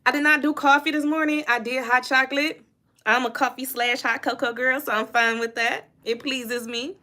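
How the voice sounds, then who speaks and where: A young woman talks casually into her phone, greeting viewers by name and answering their comments. Her voice is bright and sits a little high, and she laughs easily between remarks. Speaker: host. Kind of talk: casual livestream chat.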